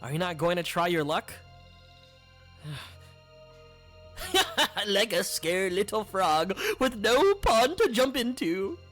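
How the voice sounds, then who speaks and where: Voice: medium pitch, very animated, slow, pauses often, a bit bright, soft background music. A streamer doing a sneering, mocking fiend. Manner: taunting, theatrical menace. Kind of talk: reading game dialogue aloud in voices.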